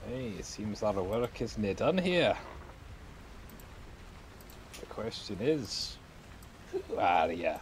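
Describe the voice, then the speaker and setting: A man's voice: fairly low pitch, very animated, takes it slowly, pauses often, a little hiss or hum. A man voicing a surly male water creature in a put-on Scottish accent, speaking in blunt, growling taunts. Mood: challenging.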